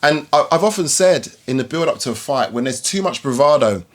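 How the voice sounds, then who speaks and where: A man's voice: mid-range voice, animated, a little fast. A man giving a casual, rambling fight review, full of ums and restarts. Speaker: MMA vlogger.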